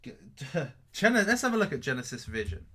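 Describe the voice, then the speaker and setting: A man's voice: fairly high pitch, very animated, brisk, bright, forceful tone. A man hosting a casual live stream, reading out chat questions. He rambles, repeats his own phrases and swears offhand. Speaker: crypto livestream host.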